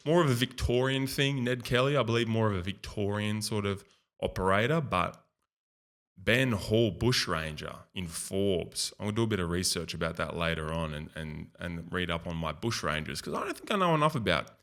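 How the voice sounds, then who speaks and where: A man's voice: fairly low pitch, expressive, brisk, fairly bright tone. An Australian man hosting a video, giving casual, rambling commentary and often repeating himself. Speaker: video host. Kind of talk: casual commentary over a screen tour.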